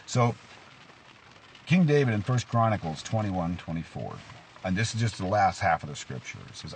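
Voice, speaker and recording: A man with a low voice gives a casual devotional talk outdoors and tells stories to make his points. His pitch swings widely as he poses questions. Faint rain patters in the background. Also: expressive, brisk, a little hiss or hum. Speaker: preacher.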